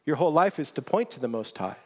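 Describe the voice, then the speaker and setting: Man preaching with sudden hush-to-loud swings. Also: a little high, fast talker, husky. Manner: animated storytelling, swinging from hushed to shouting; frequent restarts and repeated words. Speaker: pastor. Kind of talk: sermon.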